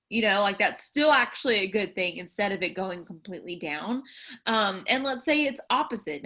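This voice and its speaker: A woman's voice: mid-range voice, pushed and bright. Brief: young woman, earnest devotional talk, chatty with filler words, video call sound. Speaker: team leader hosting a prayer call. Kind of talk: casual devotional talk, reading aloud.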